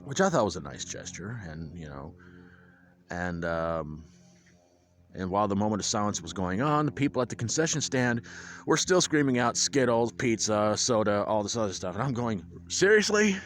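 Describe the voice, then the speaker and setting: A vlogger stands in the wind at a stadium, casually recapping a high school football game for his viewers. His fairly low voice is animated and moves at a moderate pace, chatty and full of restarts and wry asides.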